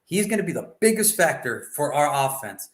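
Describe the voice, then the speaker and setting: A man's voice: on the high side, big pitch swings, a little fast, echoey room, poor audio. A man co-hosting a sports show, chatting loosely about football picks and rambling as he swears freely. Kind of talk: casual sports prediction chat.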